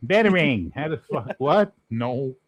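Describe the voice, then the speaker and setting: A man's voice: mid-range voice, fast, no echo. Profane Canadian man telling stories. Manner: profane, animated storyteller. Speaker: podcast guest, game master. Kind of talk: casual chat.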